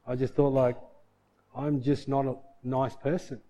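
A man preaching a sermon and telling a personal testimony, conversational, dropping to soft low asides and rising to loud, emphatic declarations. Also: flat delivery, measured pace.

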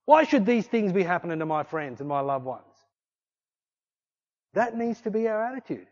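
A man preaches with fervent repetition, driving home his refrains and dropping to quiet intensity between loud surges. His voice sits a touch high. The recording is muffled and lo-fi, like an old church tape. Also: big pitch swings, normal speed. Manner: impassioned, repetitive exhortations with swings between loud and hushed. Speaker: pastor. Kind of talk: sermon.

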